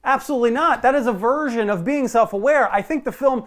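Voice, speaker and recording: A man's voice: very high voice, over a noisy crowd. A man co-hosting a movie review show who argues his side in casual debate and often stumbles and repeats words. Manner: argumentative, halting, repeats words.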